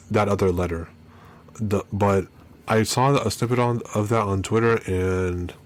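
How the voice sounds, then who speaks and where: A man from Maryland hosting a solo podcast, rambling and joking with lots of fillers. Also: fairly low pitch. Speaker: podcast host. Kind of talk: casual solo podcast chat.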